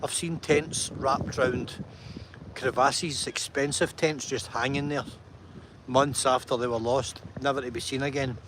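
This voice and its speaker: A man's voice: medium pitch, fairly even intonation, unhurried, fairly bright tone, a little hiss or hum. A man vlogging to camera, chatty and enthusiastic, often checking in with "right?". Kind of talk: walking vlog talk to camera.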